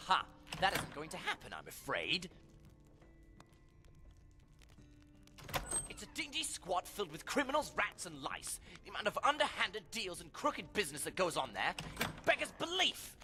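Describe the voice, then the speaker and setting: A sly nasal elf mage. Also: male voice, high-pitched, huge pitch swings, a little fast. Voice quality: nasal, theatrical. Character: scheming male elf mage, sly and haughty. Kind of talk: video game dialogue. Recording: game audio over background music.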